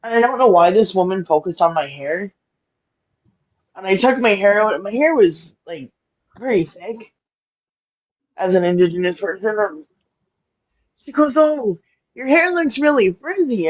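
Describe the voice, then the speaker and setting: A blunt woman from Alberta tells stories on a podcast in an animated, outspoken way and swears without holding back. Her voice comes through somewhat dull and lo-fi. Her pitch is middling. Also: moderate pace, long pauses. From Alberta, Canada. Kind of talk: casual chat, storytelling. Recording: dull lo-fi sound.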